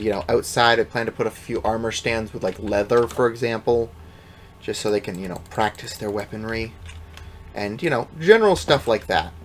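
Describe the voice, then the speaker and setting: A man's voice: mid-range voice, a bit bright, a little hiss or hum. A man giving casual, rambling commentary over his gameplay, offhand and self-deprecating, with the odd swear. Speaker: let's play gamer.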